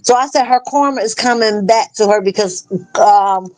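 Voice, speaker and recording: A middle-aged woman speaks as a guest in a live conversation. Her voice sits fairly high, and the sound is dry and close with no room echo. She talks in a halting, earnest way, full of fillers and restarts. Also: darkish tone. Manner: earnest, plain-spoken. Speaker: interview guest, bereaved mother. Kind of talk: emotional personal storytelling in a live chat.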